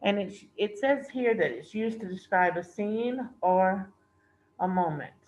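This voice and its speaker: A woman's voice: medium pitch, expressive, a little slow, a little mellow. A woman teacher explaining lesson material patiently, often checking in with okay and all right. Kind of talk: recorded classroom lesson explanation. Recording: dull lo-fi recording with faint hiss.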